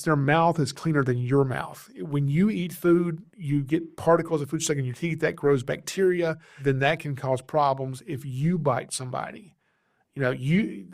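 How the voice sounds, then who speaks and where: A man, hosting a podcast and telling a story in a casual, animated way, laughing at himself often. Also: a little high, vocal fry. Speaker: podcast host, reptile rescuer.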